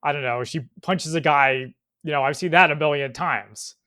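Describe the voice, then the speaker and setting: A male podcast co-host with a high voice talks through his ideas in a casual, animated way. He thinks out loud as he goes and leans on "like" as a filler. He is recorded on a podcast mic. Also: normal speed, clear, resonant tone. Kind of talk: casual chat.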